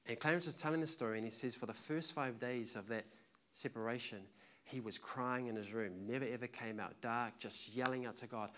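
A man's voice: medium pitch, moderate pace, fairly bright tone. Man, preacher, sermon, emphatic, storytelling delivery.

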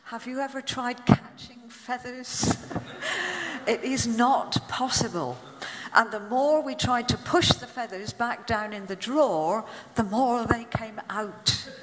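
A woman's voice: fairly high pitch, slow pace, a bit bright, in a large hall. A woman in her seventies preaching a sermon, telling a story with humorous asides. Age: 70s. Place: church.

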